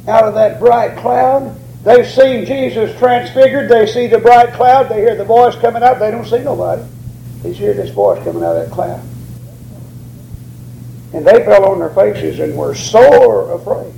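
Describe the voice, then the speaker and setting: High-pitched gravelly preacher. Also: male voice, dark tone, reverberant, slight background noise, low-quality recording. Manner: drawn-out emphatic preaching, rising on key words. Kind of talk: sermon.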